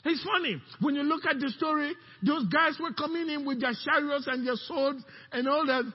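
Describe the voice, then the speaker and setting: A pastor preaching a sermon, questioning the congregation and calling out to them. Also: male voice, very high voice, moderate pace, long reverb tail, dull audio. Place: church sanctuary.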